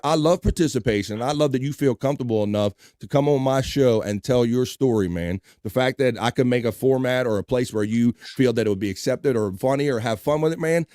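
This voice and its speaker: A man's voice: medium pitch, brisk, hardly any pauses, darkish tone, no room sound, studio quality. A man hosting a casual livestream show, reading chat aloud, laughing and swearing loosely. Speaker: host.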